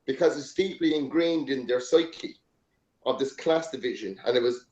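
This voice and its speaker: A man's voice: medium pitch, normal speed, a little mellow. Irish man, casual rambling chat, swears a lot, echoey room, slightly dull sound. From Ireland. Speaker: podcast host.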